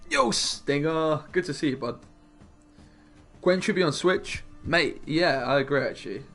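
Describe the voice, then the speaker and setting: A man's voice: fairly high pitch, unhurried, a bit bright, soft background music. Chatty guy streaming a card game. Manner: chatty, laid-back, mumbles asides to himself. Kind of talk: casual game commentary while chatting with viewers.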